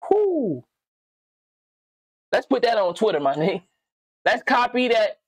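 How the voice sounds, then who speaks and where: A man's voice: high voice, a little slow, no echo. Man, casual reaction commentary, slangy rambling, dry close sound. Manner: slangy, animated, rambling and swearing. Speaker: gaming commentator reacting to a video.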